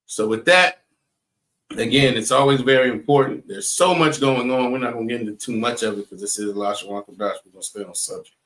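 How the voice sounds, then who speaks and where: A man's voice: mid-range voice, a little fast, a bit bright. A man leading a live online class, speaking emphatically, repeating his points and checking in with listeners with "right?". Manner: addresses chat viewers directly. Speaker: class instructor.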